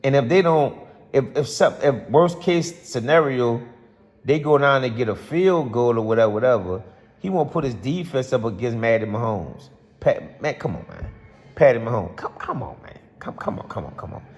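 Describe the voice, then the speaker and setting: A man's voice: mid-range voice, animated, moderate pace, a little mellow. A man ranting passionately to camera as a vlogger, rambling and repeating himself. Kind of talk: casual football rant to camera. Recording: long hall reverb.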